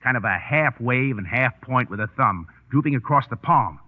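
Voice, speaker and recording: An actor playing a brash, wisecracking newspaperman in a 1930s radio drama, gruff and impatient. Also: mid-range voice, lively intonation, moderate pace, lightly acted. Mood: boastful. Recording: tinny old radio broadcast with reverb.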